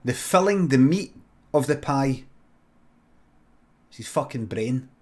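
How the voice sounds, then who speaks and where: Scottish streamer, deadpan improvised storytelling, mid pitch. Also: male voice. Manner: deadpan, halting, with restarts.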